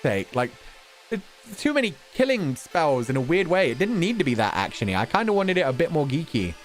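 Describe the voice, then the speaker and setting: A man's voice: a little high, very animated, a little fast, soft background music. A man streamer in a casual chat, reading out donation messages, playful with words and swearing casually.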